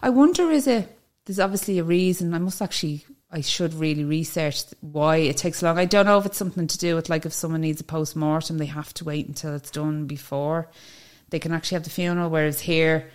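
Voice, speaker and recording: An Irish woman in casual podcast chat, rambling cheerfully through her story with frequent laughs. Her voice sits on the lower side for a woman. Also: steady tone, quick pace, few pauses. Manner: chatty storyteller, laughs when nervous. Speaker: funeral director, podcast guest.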